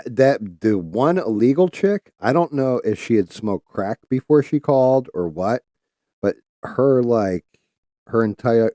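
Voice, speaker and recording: A man's voice: medium pitch, warm tone, dry recording, studio quality. A man hosting a livestream, ranting in a casual, profane, heated way. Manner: profane, heated, mocking quoted callers. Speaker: livestream host. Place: home streaming setup.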